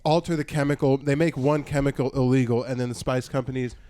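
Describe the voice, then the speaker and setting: A man's voice: mid-range voice, steady tone, fast talker, dark tone. A young man co-hosting a casual podcast, telling a long rambling story with lots of swearing and restarts. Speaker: podcast co-host.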